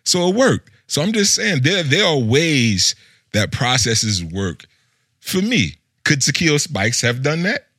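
A man co-hosting a casual chat, laid-back and animated, full of slang. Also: a little high, takes it slowly, no echo, studio quality. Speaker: co-host.

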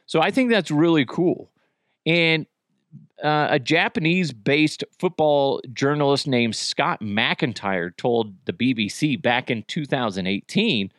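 A man's voice: medium pitch, lively intonation, unhurried, a bit bright, no room sound, clean studio sound. A man hosting a podcast in a casual, rambling monologue, joking and swearing as he talks. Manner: rambling, jokey, profane. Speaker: podcast host.

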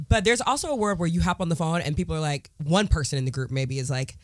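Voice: mid-range voice, fast, dry recording, clean studio sound. A podcast co-host chatting casually, laughing often and acting out quotes. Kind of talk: casual advice chat.

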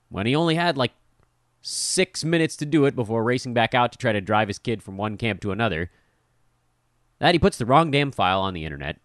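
Lively self-mocking man hosting a podcast. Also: mid-range voice, brisk, no echo, studio quality. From Los Angeles, USA. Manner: self-deprecating, animated storyteller. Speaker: podcast host. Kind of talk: casual solo podcast monologue.

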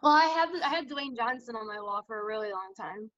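A woman's voice: a little high, expressive, fairly quick, a bit bright, dull audio. A woman in her twenties, a fighter guest on a casual chat, matter-of-fact in tone. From Scottish family. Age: 20s.

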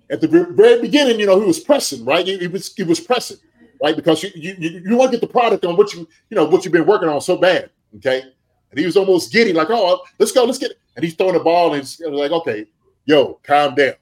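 A man who played tight end, giving animated sports analysis, full of rhetorical "okay?" and "right?" check-ins. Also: on the high side. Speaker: podcast co-host, former tight end.

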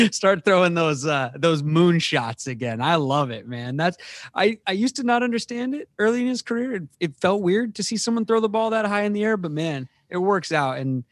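A man's voice: high-pitched, brisk, no room sound, clean studio sound. A man co-hosting a casual sports podcast, talking in an enthusiastic, upbeat way. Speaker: podcast co-host.

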